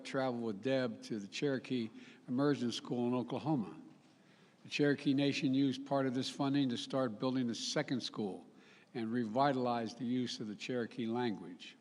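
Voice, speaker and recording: An older man giving a formal public speech with folksy asides, often halting and correcting himself mid-sentence. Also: medium pitch, darkish tone. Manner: halting, with frequent restarts and self-corrections. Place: large summit venue. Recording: long reverb of a big hall.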